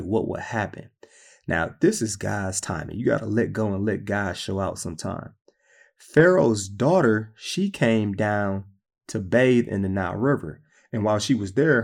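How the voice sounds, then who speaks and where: A man preaching a sermon, retelling scripture stories in a conversational, animated way. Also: fairly low pitch, gravelly.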